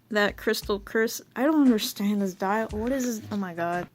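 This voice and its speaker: A woman's voice: medium pitch, normal speed, hardly any pauses, a little hiss or hum. A young woman vlogger reading her old story aloud and roasting it with sarcastic, giggly commentary. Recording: faint background music.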